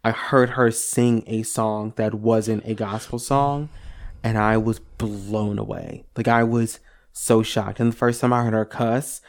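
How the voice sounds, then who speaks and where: Smooth-voiced young man telling stories. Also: on the low side, unhurried. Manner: animated storyteller, swearing. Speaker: podcast co-host. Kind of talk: casual chat.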